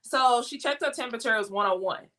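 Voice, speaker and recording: A young woman telling a personal family story in casual, animated talk, slipping into quoted voices. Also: a little high, fast. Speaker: guest.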